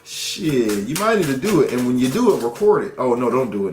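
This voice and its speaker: A man's voice: medium pitch, very animated, brisk, few pauses, a little hiss or hum. Joking, profane man in an echoey room. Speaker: tarot reader on a live stream. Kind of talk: casual live-stream reading.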